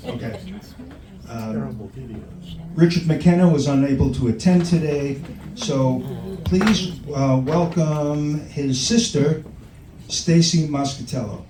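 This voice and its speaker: At an awards ceremony in a large event hall, a man with a fairly high voice speaks slowly and pauses often as he formally announces each award's recipient and welcomes them to the podium. The recording is echoey, captured from far off, with loud noise.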